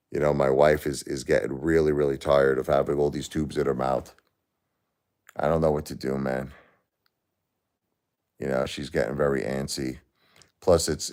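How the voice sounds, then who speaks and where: Speaking to his chat in an emotional live stream, a male host sounds worn out and distressed, going over the same things again. His pitch is extremely low and a little mellow.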